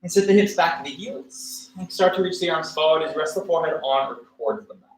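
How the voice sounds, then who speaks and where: A man teaching a livestreamed yoga class, cueing poses and breaths in a relaxed, casual way with fillers and small jokes. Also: fairly high pitch, fast. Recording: echoey room with faint ambient noise.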